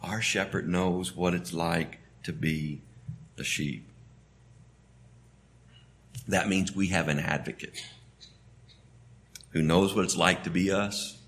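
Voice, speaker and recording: A man from the Southern US with a Southern American accent, preaching a sermon in a conversational way, often restarting phrases and suddenly rising in pitch and volume. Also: fairly bright tone.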